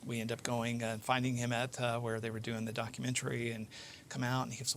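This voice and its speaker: A man's voice: medium pitch, fast, a little hiss or hum. Chatty male host telling a story. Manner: animated anecdote-telling with many fillers and restarts. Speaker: podcast host. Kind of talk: casual storytelling in an interview.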